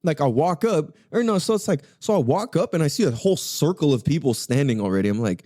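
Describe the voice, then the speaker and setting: A man's voice: fairly high pitch, expressive, fast talker, mellow, dry recording, studio quality. A young man hosting a podcast, telling a story in casual, profane slang full of fillers. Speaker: podcast host.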